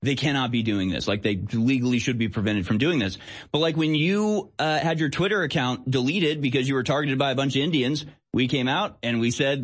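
A man's voice: medium pitch, a little fast. A man co-hosting a political commentary chat, talking in an insistent, ranting way. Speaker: co-host.

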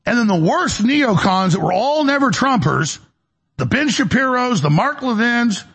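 A man hosting a talk show, delivering a heated political commentary monologue in a ranting style with stammering restarts and a raspy, gravelly voice. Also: very high-pitched, very animated, moderate pace, a bit bright.

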